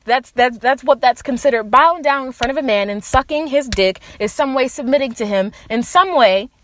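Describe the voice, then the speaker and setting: A woman's voice: a little high, fairly bright tone, dry recording. A young adult woman hosting a solo podcast, ranting angrily and sarcastically with plenty of swearing. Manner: angry, profane, sarcastic. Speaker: podcast host. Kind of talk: impassioned solo rant.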